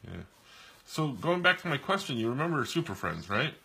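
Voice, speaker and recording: He's a New York artist co-hosting a live stream, sketching as he chats and rambles through stories he keeps restarting. The voice is medium-pitched, very animated, a little fast, bright and forceful, slightly rough.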